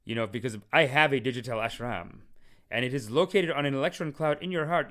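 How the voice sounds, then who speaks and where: A man's voice: mid-range voice, fairly quick, fairly bright tone. A man hosting a podcast in casual, rambling, joking talk, swearing and laughing often. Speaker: podcast host. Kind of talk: casual chat.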